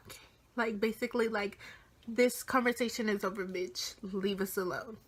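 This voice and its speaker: An eighteen-year-old woman vlogging a casual story, animated and full of swearing, often dropping into whispers. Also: medium pitch, moderate pace, slightly rough.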